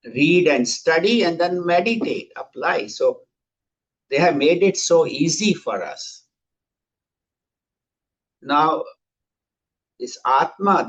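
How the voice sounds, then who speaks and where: A man's voice: medium pitch, muffled recording. A man teaching a scripture class, telling stories and acting out the characters in them. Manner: storytelling, acts out quoted characters. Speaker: spiritual teacher.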